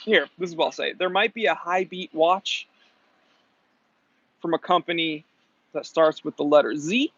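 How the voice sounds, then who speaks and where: A young man with a slightly high voice chats casually through a live stream, answering comments in a loose, upbeat way. His voice is close and dry, with a somewhat dull, lo-fi sound. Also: normal speed, pauses often, fairly bright tone, no room sound. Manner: casual, upbeat, chatty with fillers. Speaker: host.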